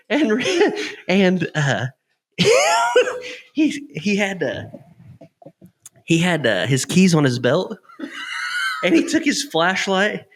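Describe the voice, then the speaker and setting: A man's voice: high-pitched, extremely slow, pauses often. A man telling stories in casual podcast chat, acting out the people in them and swearing casually. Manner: animated storyteller, swears casually; acts out the people in his stories.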